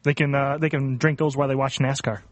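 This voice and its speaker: A man making quick teasing jokes as a panelist on a casual podcast. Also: mid-range voice, flat delivery, no echo.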